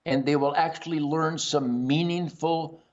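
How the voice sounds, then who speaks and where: A man's voice: fairly high pitch, steady tone, measured pace, muffled recording. An older man hosting a show, talking in a brash, boisterous rambling monologue. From Detroit area. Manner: boisterous, brash, self-promoting. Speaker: host. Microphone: earpiece.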